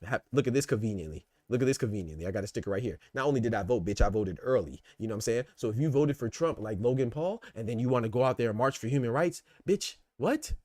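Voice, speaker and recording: A man hosting a podcast, riffing in casual, animated commentary full of rhetorical asides and swearing. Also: mid-range voice, racing, few pauses, no room sound. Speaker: podcast host. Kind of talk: casual boxing and politics commentary.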